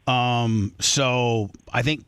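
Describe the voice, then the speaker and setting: Male radio host, bright and punchy, rambling casual storyteller, dry close mic. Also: mid-range voice, steady tone, very slow, clean tone, no room sound.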